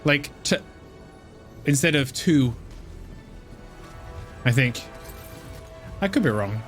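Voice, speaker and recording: A man's voice: mid-range voice, lively intonation, takes it slowly, fairly bright tone, soft background music. A man from southern England chatting casually while playing a game, rambling and correcting himself as he goes. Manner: rambling, hesitant, lots of restarts and self-corrections. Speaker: gaming streamer.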